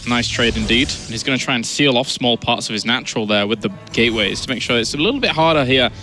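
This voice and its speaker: A man calling the action of a live esports match, trading quick banter with his co-caster. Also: medium pitch, pushed and bright, faint music behind. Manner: play-by-play, upbeat banter with co-caster. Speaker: esports commentator. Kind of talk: live game commentary.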